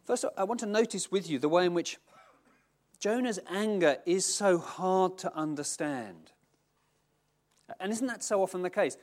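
A middle-aged man preaching a sermon in a conversational, self-mocking, animated way. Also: sits high, measured pace, long pauses. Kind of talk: sermon with Bible reading.

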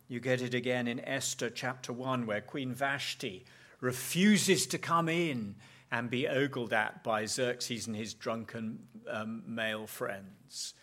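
Male conference speaker, mid-pitched voice, thoughtful Bible teaching with frequent restarts. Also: fairly bright tone. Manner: thoughtful, repeats words while searching for phrasing.

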